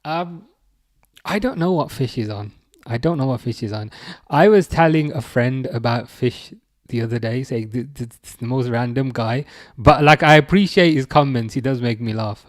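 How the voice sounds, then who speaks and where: On a live football watchalong stream, a man from England chats casually, reads viewers' messages aloud and gently mocks them. His voice is mid-range and his pace is normal.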